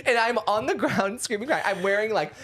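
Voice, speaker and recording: A young man co-hosting a casual chat show, telling a story with big animated swings in his voice. He swears freely and peppers every sentence with filler words, rushing through the scary parts. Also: sits high. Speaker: podcast co-host.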